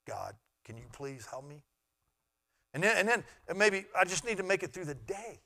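A man's voice: high-pitched, big pitch swings, moderate pace, vocal fry. Earnest man preaching a sermon. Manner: earnest, swings from loud to hushed. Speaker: pastor.

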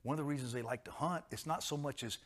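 Preaching a sermon fast in a medium-pitched voice, a man swings between hushed and loud passages, repeating phrases for emphasis.

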